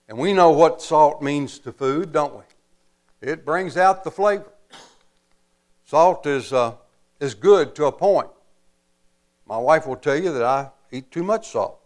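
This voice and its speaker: A man preaching a sermon as pastor, slow and emphatic, pausing often and adding folksy asides. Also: fairly high pitch, animated.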